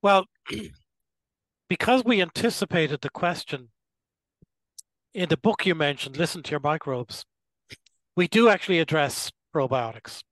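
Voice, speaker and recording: An older man, a gastroenterologist, giving measured, explanatory interview answers and clearing his throat now and then. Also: a little high, animated, a bit bright, no echo, rough recording. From Ireland. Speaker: gastroenterologist guest.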